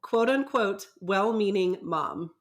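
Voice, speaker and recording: Speaking slowly in a mid-range voice, this middle-aged physician and podcast co-host recounts a family story over casual chat. She's a lively storyteller who performs the voices of whoever she quotes.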